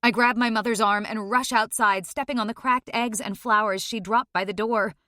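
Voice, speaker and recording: Woman narrator, higher voice, close and dry, tense first-person dramatic reading. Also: steady tone, moderate pace, sharp tone, dry recording. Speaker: audiobook narrator.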